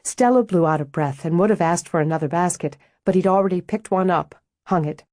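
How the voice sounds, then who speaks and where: A woman narrating an audiobook in an even, measured reading on a close studio mic. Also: lowish voice, dry recording.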